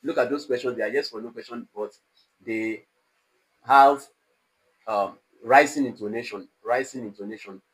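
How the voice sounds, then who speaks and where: A man teaching a live online exam-prep class. He talks slowly and carefully, repeating each example phrase and stretching its pitch up and down. His voice sits in a middle range for a man. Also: rough recording. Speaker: lecturer. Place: online class studio with a technician.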